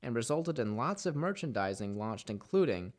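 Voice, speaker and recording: A man's voice: mid-range voice, big pitch swings, moderate pace. A man voicing narration who often stumbles over words, apologizes and rambles between takes. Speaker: voice actor reading narration. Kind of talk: script read-through with outtakes.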